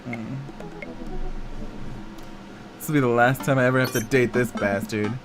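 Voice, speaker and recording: A man's voice: medium pitch, steady tone, normal speed, over loud music. Young man reading a game aloud. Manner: casual, profane, joking. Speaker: gaming YouTuber. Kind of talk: reading a visual novel aloud with commentary.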